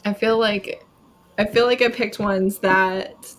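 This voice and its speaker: In a casual live video chat, a woman host tells stories at a slow pace, her mid-range voice carrying over slight background noise. She's an animated storyteller who acts out what people said and laughs often, all heard through a video call mic.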